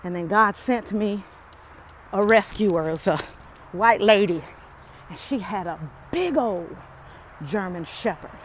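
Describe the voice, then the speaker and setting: A woman's voice: mid-range voice, animated, unhurried, pauses often, a little hiss or hum. A woman chatting to her viewers with humor as she walks a wooded lakeside trail, filming on a handheld phone. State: out of breath. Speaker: vlogger. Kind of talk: casual vlog chat while walking.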